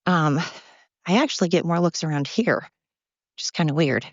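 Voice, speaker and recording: This walk-and-talk monologue comes from an Oregon podcast host strolling by a river with her dogs, phone in hand and out of breath. Her low voice has lively intonation and a moderate pace as she rambles bluntly, swears, and jumps between topics. The recording is muffled, with no room sound.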